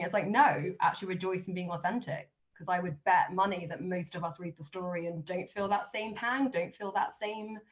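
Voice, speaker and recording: A woman in a lively discussion, talking in a forthright, blunt and animated way. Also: mid-range voice, poor audio. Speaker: discussion guest.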